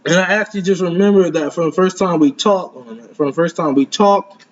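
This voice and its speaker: A young man giving casual, excitable commentary as an anime reaction host, rambling and laughing often. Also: high-pitched, normal speed, highs cut off, a little hiss or hum.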